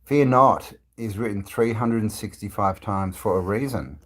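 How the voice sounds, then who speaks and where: A man's voice: lowish voice, normal speed, fairly bright tone. A man hosting a casual live stream, reading viewers' comments aloud and rambling with many fillers and restarts. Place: indoors, travelling.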